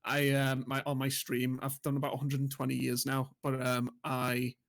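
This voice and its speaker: A man co-hosting a gaming podcast, telling a strategy game story with laughs and animated quoted lines. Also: mid-range voice, normal speed, gravelly. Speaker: podcast co-host and streamer. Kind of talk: casual gaming chat.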